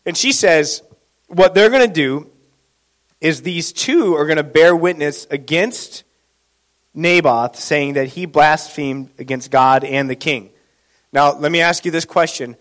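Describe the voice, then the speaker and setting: A man preaching a sermon in an animated, conversational way, asking the congregation questions. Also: a little high, measured pace.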